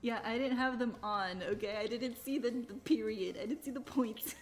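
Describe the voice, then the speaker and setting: A woman's voice: fairly high pitch, normal speed, soft background music. A woman livestreamer chatting casually with her viewers, laughing often between sentences and telling stories animatedly. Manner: animated storyteller. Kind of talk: casual live-stream chat.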